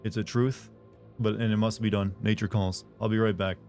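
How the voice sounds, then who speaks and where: A man's voice: fairly low pitch, flat delivery, normal speed, a little mellow. Male streamer, sarcastic rambling chat with viewers, faint music underneath. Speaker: live streamer.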